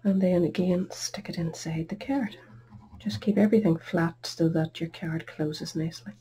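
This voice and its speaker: A woman's voice: on the low side, fairly even intonation, normal speed, background noise. A middle-aged woman hosting a card-making tutorial, chatty and self-deprecating as she works at her craft table. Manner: chatty, self-deprecating, talks while working.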